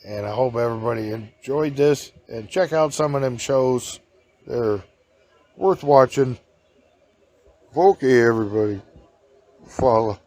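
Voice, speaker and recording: A man's voice: mid-range voice, unhurried, long pauses, darkish tone. Folksy man telling rambling comic stories. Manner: folksy, rambling, laughs at his own stories. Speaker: host.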